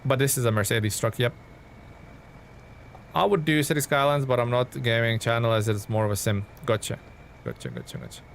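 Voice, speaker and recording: A man's voice: medium pitch, lively intonation, brisk, creaky, pauses often, a little hiss or hum. A man streaming a game live, chatting casually with viewers and rambling through his thoughts with frequent restarts. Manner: rambling, restarts often, answers chat by name.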